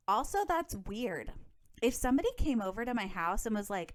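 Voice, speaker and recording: A woman's voice: a little high, animated, brisk. A woman hosting a solo podcast, chatty and gossipy, with frequent swearing and filler words. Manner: chatty, profane, gossipy, lots of "like". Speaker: podcast host.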